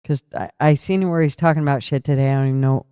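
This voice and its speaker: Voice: mid-range voice, fairly even intonation, quick pace, warm tone, clean tone, no room sound. A livestream host in casual political chat, tired and yawning, talking loosely and answering viewer comments aloud.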